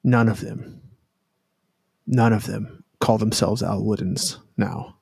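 A man's voice: on the low side, fairly even intonation, slow, creaky, darkish tone, breathy edge, dry recording, full character voice. A weary, grieving warrior man, played by a man. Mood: somber.

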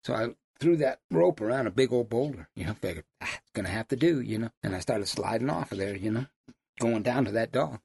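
An older man, telling hunting stories in a folksy, animated way. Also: medium pitch, brisk, vocal fry, a little hiss or hum. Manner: folksy, animated storyteller who laughs at his own stories. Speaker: lion hunting guide. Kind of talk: casual storytelling.

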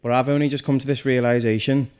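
A man of medium pitch hosts a relaxed interview. He asks brief questions and shares reflective thoughts in a conversational way. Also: fast, smooth.

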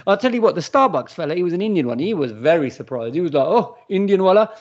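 A man's voice: fairly high pitch, very fast. A man telling jokey stories as co-host of a casual chat. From England. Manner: animated, storytelling, jokey. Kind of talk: casual banter. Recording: dull lo-fi recording.

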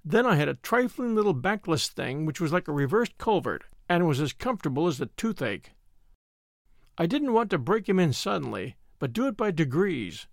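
Male audiobook narrator, wry and humorous, gravelly tone, very dry close sound. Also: fairly high pitch, sing-song, moderate pace, dry recording. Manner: wry, dryly humorous storytelling. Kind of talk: scripted narration.

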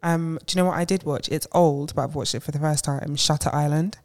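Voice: mid-range voice, steady tone, fairly quick, darkish tone. A podcast co-host chatting casually and enthusiastically recommending a film. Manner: enthusiastic, fills in details for others. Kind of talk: casual chat, movie recommendation.

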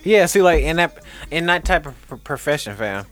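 A man on a podcast, chatting casually and telling a story in slangy, animated speech. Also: a little high, moderate pace, faint music behind. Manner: animated, slangy, laughs while telling stories.

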